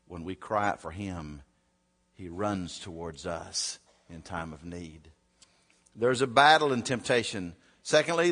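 A male preacher delivers a sermon, rising to loud peaks and dropping to a hush. His voice is bright and forceful. It carries with the long reverb of a large church hall. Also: fairly low pitch. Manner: dynamic, swings from loud to hushed, rhetorical questions.

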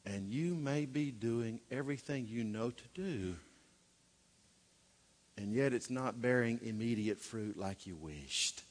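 A man's voice: medium pitch, expressive, takes it slowly. A middle-aged man preaching a sermon in a folksy way, with joking asides and rhetorical questions. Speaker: pastor.

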